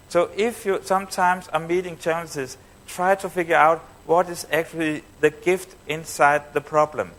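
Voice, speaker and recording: A man, telling stories to a live audience in a halting manner with frequent fillers and restarts. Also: on the high side, a bit bright. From Denmark. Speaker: conference speaker. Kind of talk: storytelling keynote talk. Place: stage before a live audience.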